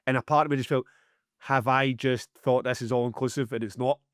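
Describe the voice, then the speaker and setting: A man's voice: medium pitch, brisk, smooth, dry recording, studio quality. A middle-aged Scottish man telling a story on a podcast, swearing freely and acting out both sides of the dialogue. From Scotland. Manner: animated, heavy swearing, acts out dialogue. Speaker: podcast co-host, music promoter. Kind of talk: casual storytelling chat.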